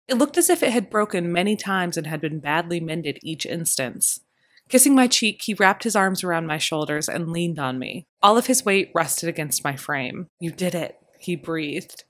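A woman with a lowish voice reads a historical romance novel aloud. Her narration is measured and steady, easing softer in the tender passages. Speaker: audiobook narrator. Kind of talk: scripted narration.

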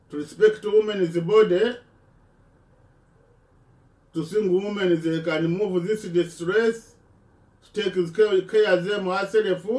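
Man, halting impassioned speech, mellow tone, distant echoey recording. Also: high-pitched. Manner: halting, repeats words and restarts.

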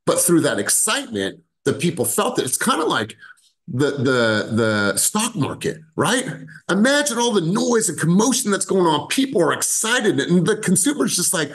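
A man leading a sales team over a video call, talking with lively energy and casual swearing. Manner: animated, swears casually, acts out sales pitches. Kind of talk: energetic coaching talk.

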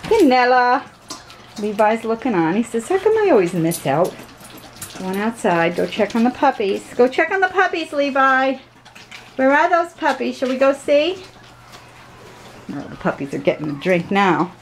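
A woman chats to her puppies in a home video, her voice high and leaping up and down in sing-song baby talk. She takes her time. The home recording is noisy, with dogs whining behind her. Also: sing-song, moderate pace. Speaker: dog breeder filming her puppies. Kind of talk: casual home video narration.

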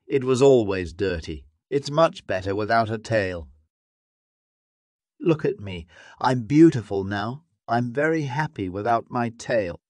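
A man's voice: mid-range voice, lively intonation, a little slow, darkish tone, dry recording, lightly acted. A man voicing a sly female monkey who fibs and pleads innocently, read out in a storybook tale for learners. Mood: boastful. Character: sly female monkey, quick-talking and fibbing.

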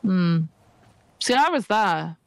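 A man speaking in character during a roleplay, rambling and restarting as he explains. His voice is gravelly yet smooth, and it sounds dry and close. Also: high-pitched, big pitch swings, takes it slowly, dry recording.

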